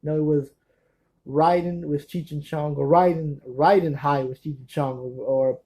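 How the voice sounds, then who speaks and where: Brief: man host, mellow tone, rambling chat about his movie collection, keeps losing names and restarting. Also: fairly high pitch, steady tone, a little slow, rough recording. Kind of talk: casual rambling talk to camera.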